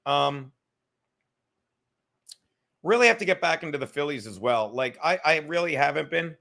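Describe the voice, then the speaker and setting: A man's voice: fairly high pitch, lively intonation, moderate pace, gravelly, bright, forceful tone. A man, a comedian hosting a livestreamed podcast, chatting casually and rambling with plenty of swearing and jokes from home. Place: at home in a cluttered room.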